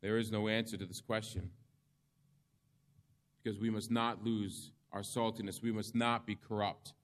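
A man preaching a sermon, reading scripture in slow, measured phrases with emphatic pauses. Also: on the low side, flat delivery.

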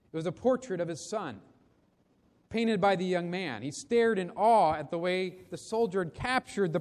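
A man preaching a sermon, telling a story slowly and deliberately in a solemn manner. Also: high voice. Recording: long reverb of a big hall.

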